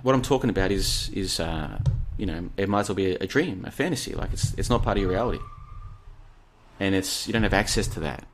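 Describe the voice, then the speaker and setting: A man in a rambling, casual solo talk, drifting from one story to the next. His voice sits fairly low. He reads out listener comments and answers them in a chatty way. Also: brisk, slight background noise. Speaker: podcast host.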